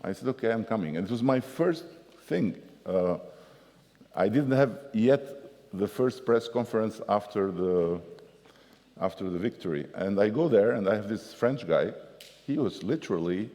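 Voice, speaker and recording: A man with an Albanian accent, a politician telling lively anecdotes and acting out the people he quotes as a guest at a forum. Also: fairly low pitch, unhurried. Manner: animated storyteller, acts out the people he quotes. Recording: long reverb of a conference hall.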